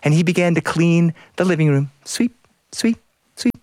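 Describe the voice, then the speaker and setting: A male storyteller telling a folk tale in a playful, lively, sing-song way. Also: on the high side, brisk, no room sound. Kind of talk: animated storytelling.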